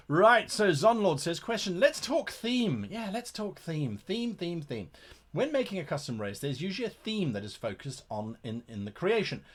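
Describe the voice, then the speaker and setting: A man's voice: medium pitch, a bit bright. An Englishman hosting a casual live Q&A as a game master, reading out chat questions in a chatty, enthusiastic way and often repeating words while he thinks. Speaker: livestream host and game master.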